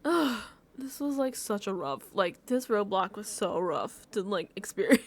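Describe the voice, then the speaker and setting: A woman's voice: medium pitch, sing-song, measured pace. A woman vlogger recapping a reality show in a casual reaction chat, talking emotionally and effusively, full of "like" and breaking into laughs. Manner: effusive, emotional, filler-heavy with frequent "like"; laughs between phrases.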